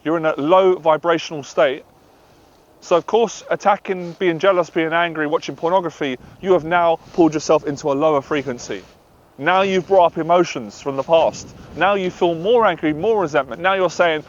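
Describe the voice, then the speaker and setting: This dating and anxiety coach has a fairly high pitch and a moderate pace, with slight background noise. Speaking directly to camera, he's earnest and confessional and now and then acts out his inner voice, all in slightly dull lo-fi sound.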